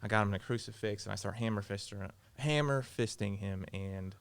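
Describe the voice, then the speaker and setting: Male podcast guest, deep fry in the voice, relaxed storyteller. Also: a little fast. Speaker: podcast guest, former fighter. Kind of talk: casual storytelling chat.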